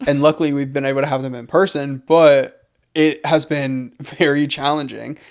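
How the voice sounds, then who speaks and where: A man's voice: mid-range voice, steady tone, moderate pace, clear, resonant tone. A young man co-hosting a podcast, talking earnestly and reflectively about faith in a casual conversation. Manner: earnest, reflective, repeats phrases for emphasis. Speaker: podcast co-host.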